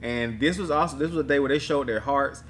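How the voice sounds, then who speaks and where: A man's voice: mid-range voice, quick pace, fairly bright tone, slight background noise. A man co-hosting a casual chat podcast as a newlywed groom, speaking in in a laid-back way that drops to a murmur, and laughing often.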